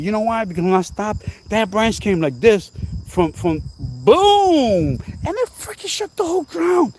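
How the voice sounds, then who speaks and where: A man vlogging outdoors at night, telling a story in an animated, repetitive, exclaiming way, now and then coughing. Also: high voice, slight background noise. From New Jersey. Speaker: channel host. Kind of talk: casual storytelling vlog.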